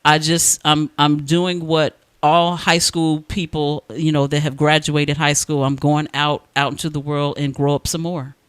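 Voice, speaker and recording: A man's voice: fairly high pitch, flat delivery, unhurried, hardly any pauses, a bit bright, smooth, no room sound. A man hosting a talk radio show, speaking in an earnest, heartfelt way with frequent restarts.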